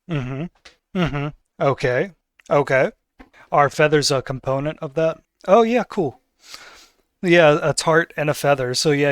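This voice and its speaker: A man's voice: mid-range voice, fairly bright tone, no room sound, clean studio sound. Laid-back man running a tabletop game. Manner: casual, rambling, many fillers and restarts. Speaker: game master.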